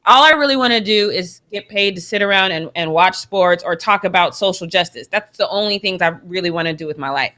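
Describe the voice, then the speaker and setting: A young adult woman co-hosting a sports show in casual chat, expressive and emphatic, laughing often. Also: on the low side, fairly quick, few pauses.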